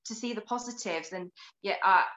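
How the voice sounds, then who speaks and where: Bright, cheerful British woman, roomy audio. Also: mid-range voice, normal speed, muffled recording. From United Kingdom. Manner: cheerful, upbeat, laughs easily. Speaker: guest, beauty YouTuber. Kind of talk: casual interview chat.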